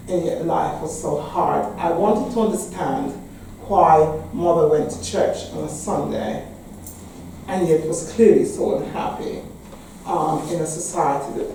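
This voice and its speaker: A woman priest in her sixties, English-accented, speaks to a gathering, wry and candid and often laughing. Her voice is low with a dark tone. She sounds distant in an echoey hall, and there is slight background noise.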